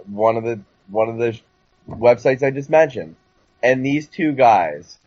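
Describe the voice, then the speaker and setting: A man co-hosting a casual wrestling podcast, rambling and excitable, sometimes mocking others in a squeaky voice. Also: no room sound. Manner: rambling, excitable, mocking high-pitched impressions. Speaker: podcast co-host. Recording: dull lo-fi dry sound.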